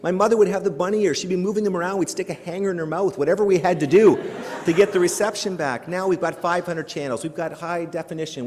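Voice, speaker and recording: A middle-aged Canadian man with a slightly high voice gives a humorous keynote speech, animated and joking and full of rhetorical questions. It was recorded live before an audience in a large hall with long reverb.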